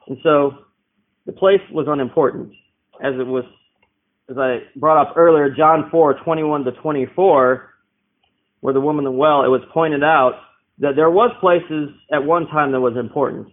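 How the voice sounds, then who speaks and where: A man's voice: a little high, steady tone, normal speed. A man preaching a Bible-teaching sermon, explaining verses and asking rhetorical questions. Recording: tinny phone-like sound.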